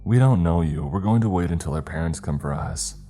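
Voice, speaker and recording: A man's voice: sits low, a little fast, mellow, faint music behind. A man voicing a stern, protective girl of about twelve in a horror story reading, firm and distrustful.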